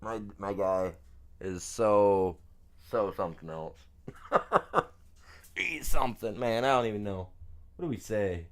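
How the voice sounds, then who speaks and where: Male streamer with a lowish voice, loose and joking, talking to viewers through gameplay. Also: a little slow. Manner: rambling and jokey, says "man" constantly. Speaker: game streamer. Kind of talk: casual gameplay commentary.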